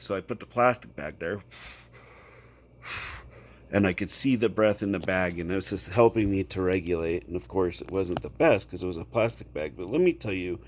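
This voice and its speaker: Deep-voiced man telling a personal story. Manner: unhurried, with fillers and repeated "okay?" check-ins. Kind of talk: casual first-person storytelling.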